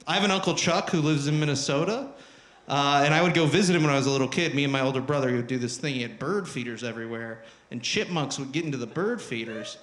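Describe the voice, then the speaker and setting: A man's voice: a little high, fast, a little hiss or hum. Brash young man doing stand-up in a club. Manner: crude, self-mocking, shouts at the crowd, loud mocking put-on voices. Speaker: stand-up comedian. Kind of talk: stand-up comedy set. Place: comedy club stage. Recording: roomy live club sound. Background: crowd laughter.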